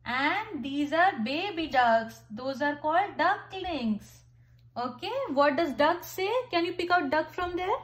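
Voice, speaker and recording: A woman's voice: high-pitched, animated, a little slow, fairly bright tone. A mother reading a picture book about animals with her young child, patient and full of praise.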